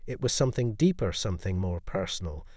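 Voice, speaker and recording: A man narrating a scripted audio story in a measured, dramatic way. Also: deep voice, lively intonation, a little mellow, no echo, studio quality.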